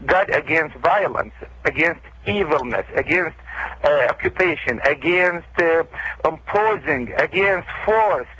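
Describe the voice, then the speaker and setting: High, husky-voiced imam. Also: male voice, animated, unhurried, pushed and bright, poor audio. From Iraq. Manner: preacherly, repetitive, grows agitated and pleading. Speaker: imam, interview guest. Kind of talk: heated TV interview.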